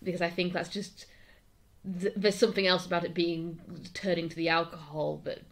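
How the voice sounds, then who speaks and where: A woman's voice: fairly low pitch, steady tone, normal speed. A woman co-hosting a podcast, talking thoughtfully and casually about a play. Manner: thoughtful, reflective, reads quotes aloud. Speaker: podcast co-host.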